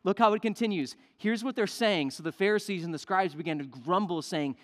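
A male pastor preaching a sermon, emphatic, swinging between loud declarations and hushed asides. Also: high-pitched, expressive, fairly quick, few pauses. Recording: long reverb of a large hall.

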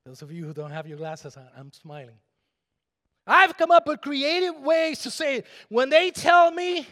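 A middle-aged man pastor preaching a sermon, swinging from loud shouted declarations to quiet asides and calling on the congregation to answer back. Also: very high voice, big pitch swings, normal speed. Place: large church sanctuary. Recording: long hall reverb in a church.

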